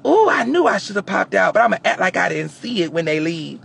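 High, gravelly man. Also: very animated, fairly quick. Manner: loud, joking, profane banter with the viewers. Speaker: vlogger. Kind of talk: casual car vlog. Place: inside a car. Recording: car noise in the background.

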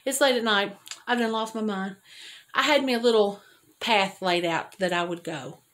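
An older woman talks straight to her viewers in a loose, homey storytelling way. She rambles, loses her thread and laughs at her own jokes. Her voice sits at an ordinary middle pitch. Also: normal speed, a bit bright. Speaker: homesteading vlogger.

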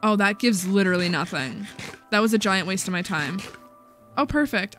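A woman's voice: mid-range voice, animated, moderate pace, fairly bright tone, faint music behind. A woman hosting a casual let's-play video, chatting playfully to herself as she plays. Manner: playful, chatty, talks to herself while playing. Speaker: gaming video host.

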